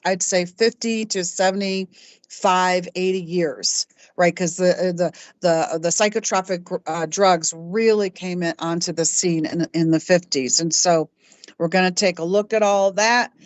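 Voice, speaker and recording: Woman host, low-pitched, halting and self-correcting, stoic delivery, dry close sound. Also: no echo. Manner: halting, with frequent restarts and fillers, self-described stoic. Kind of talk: personal talk show monologue.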